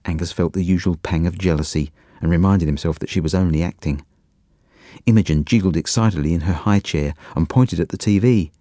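A man narrating a children's audiobook in an expressive, playful way. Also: deep voice, brisk, no echo, clean studio sound. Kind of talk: storybook narration.

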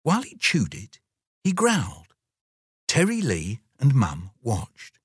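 A man reading a children's story aloud with lively storytelling. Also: mid-range voice, takes it slowly, husky, no echo, studio quality.

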